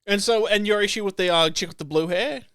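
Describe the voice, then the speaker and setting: A young man rambles through a casual podcast chat, swearing freely and laughing between thoughts. His voice sits high and comes through smooth and clear. The sound is dry and close. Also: quick pace, fairly bright tone, dry recording. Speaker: podcast co-host.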